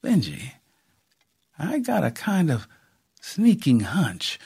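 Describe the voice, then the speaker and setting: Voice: medium pitch, wildly swooping pitch, slow pace, vocal fry, warm tone, husky, pitched above the performer's own voice, exaggerated voice. A reader voicing a shrewd, plainspoken rural aunt who talks in folksy speech with double negatives, in a storybook reading. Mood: musing. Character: plainspoken rural aunt, middle-aged woman, warm and shrewd.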